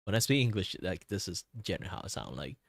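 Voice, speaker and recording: A young man whose first language is Cantonese rambles casually, full of fillers and restarts. His voice is low and relaxed, worn a little tired from long talking. The sound is dry and close to the mic. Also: quick pace, gravelly, no room sound. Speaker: streamer. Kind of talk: casual chat while drawing.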